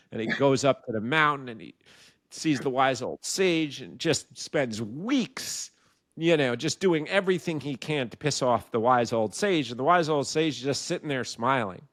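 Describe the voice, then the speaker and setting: A podcast guest, a man with a mid-pitched voice, tells a story loosely and jumps up in pitch to act out its characters. The recording is dry and close. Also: unhurried, a bit bright, dry recording. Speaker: guest, founder of a sobriety community. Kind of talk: casual podcast conversation.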